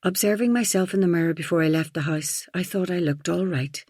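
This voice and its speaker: A woman narrating a first-person audiobook thriller in an even, reflective storytelling manner. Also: fairly low pitch, brisk, no echo, clean studio sound.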